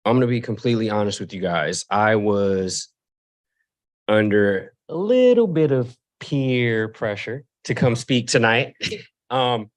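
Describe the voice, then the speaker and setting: A man's voice: on the low side, animated, a little slow. A man giving an impassioned public comment at a school board meeting, asking the board pointed rhetorical questions.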